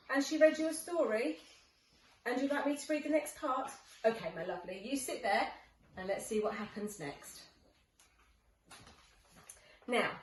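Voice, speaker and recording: Teacher reading aloud, distant and echoey. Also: female voice, on the high side, a little hiss or hum. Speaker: primary school teacher. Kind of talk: storybook read-aloud for children. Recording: echoey room, away from the mic.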